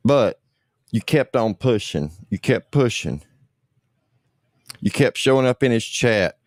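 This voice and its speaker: A man's voice: medium pitch, expressive, slow, no room sound, studio quality. A man hosting a livestream, ranting bluntly with lots of swearing and repetition. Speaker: livestream host.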